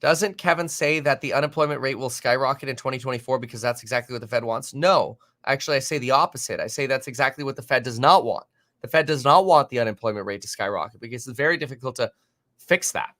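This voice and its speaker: A man hosting a live market stream, reading viewer comments aloud and reacting in an animated, exasperated, rambling way with many fillers. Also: medium pitch, fast. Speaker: market livestream host.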